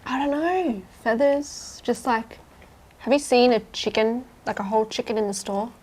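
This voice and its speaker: A woman's voice: a little high, moderate pace, a little mellow, slightly rough. A woman vlogging outdoors over dinner, chatty and laughing easily in casual conversation. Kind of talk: casual chat while eating.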